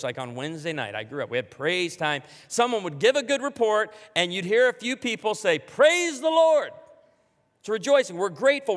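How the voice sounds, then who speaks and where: A man preaching a sermon to a congregation, animated and emphatic, joking along the way. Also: sits high, big-room sound. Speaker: pastor.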